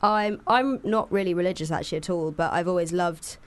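Smooth-voiced woman with a cold. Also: fairly low pitch, brisk. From West London. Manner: chatty, giggly, trailing sentences. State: has a cold. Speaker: guest singer. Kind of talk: casual interview chat. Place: radio studio.

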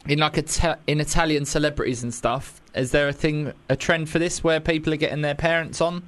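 A man's voice: a little high, fairly even intonation, fairly bright tone. A young man hosting a radio show, chatting casually and teasing his guests. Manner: chatty, teasing, quick asides.

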